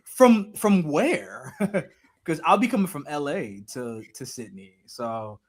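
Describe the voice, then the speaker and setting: Man, podcast co-host, casual joking chat, highish voice, lively pitch. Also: slow pace. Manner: animated, joking, thinks out loud.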